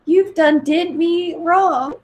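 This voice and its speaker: A woman's voice: very high-pitched, takes it slowly. A woman chatting casually in a group, joking and telling little anecdotes. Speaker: participant in a group chat. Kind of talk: casual chat. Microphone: phone app audio.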